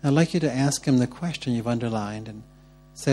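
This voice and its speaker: A man teaching a church group in an easy, encouraging way, gentle as he guides them through prayer and upbeat as he invites people to share. His voice sits at an ordinary middle pitch, with a faint hum behind it. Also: brisk. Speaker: teacher leading a church workshop. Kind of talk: guiding prayer and group sharing.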